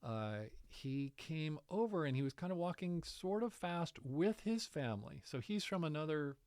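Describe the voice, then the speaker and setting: A man's voice: fairly high pitch, normal speed, dry recording. A man spins a story as a podcast guest, his voice rising and falling and often breaking into laughter. The sound is dry and close, with no room around it. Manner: animated, laughs often while telling a story. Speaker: guest, distance education coordinator. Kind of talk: casual storytelling.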